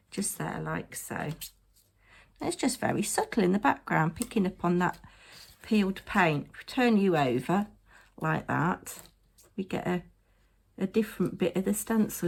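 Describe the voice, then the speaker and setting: A woman's voice: lowish voice, gravelly. Tired, chatty woman crafting at her desk. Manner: muttering to herself, playful asides.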